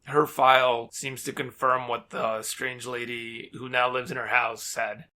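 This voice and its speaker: A man's voice: medium pitch, flat delivery, a little slow, sharp tone. A man co-hosting a podcast, casually recapping a book's plot with jokey asides. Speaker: podcast co-host. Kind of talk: casual book recap chat.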